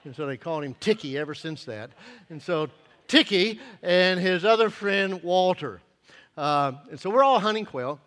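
A fifties-aged male preacher with a high-pitched voice, speaking in a folksy, earnest way. He hesitates and restarts often, and his voice carries a long hall reverb, as if in a large church. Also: expressive, moderate pace, fairly bright tone. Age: 50s. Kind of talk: sermon with personal storytelling.

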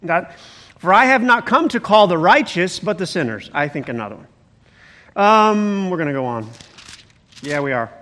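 A pastor preaching a sermon in an animated, conversational way, breaking in with exclamations as he reads and explains the text. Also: high-pitched, moderate pace, long pauses.

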